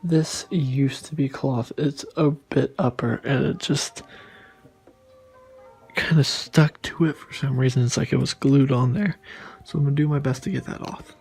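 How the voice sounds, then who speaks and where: Man, casual guitar show-and-tell, rambling, warm tone, faint music behind. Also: mid-range voice. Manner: rambling, loose, with fillers and restarts. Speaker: guitar vlogger. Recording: echoey room, faint music.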